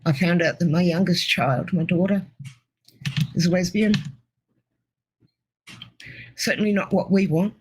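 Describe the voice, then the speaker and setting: A middle-aged woman telling her personal testimony in an earnest, halting way as an interview guest. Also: on the low side, a little mellow, husky, poor audio.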